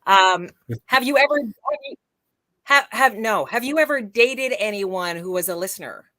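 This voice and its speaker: A woman's voice: mid-range voice, expressive, normal speed, over a noisy crowd. A woman who is a radio host, chatting casually and hesitantly, often breaking off and restarting her sentences. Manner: hesitant, with many fillers and restarts. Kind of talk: casual chat.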